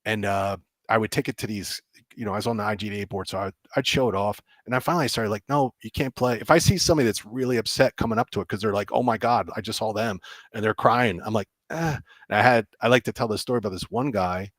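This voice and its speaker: Excitable man telling a lively story. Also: fairly low pitch, fast, no room sound. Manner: excitable, acts out reactions, laughs often. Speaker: guest game developer. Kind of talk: animated storytelling.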